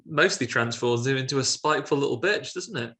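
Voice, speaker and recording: A man's voice: mid-range voice, animated, fairly quick, bright, forceful tone. A man co-hosting a film podcast, retelling the plot in a chatty, sarcastic way. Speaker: podcast co-host. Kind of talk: casual film review chat.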